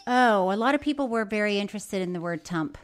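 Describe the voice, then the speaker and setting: A woman's voice: mid-range voice, quick pace, over loud music. A middle-aged woman co-hosting a casual podcast, reading listener mail aloud and laughing often. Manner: laughs often, reads letters in a lively voice. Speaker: podcast co-host.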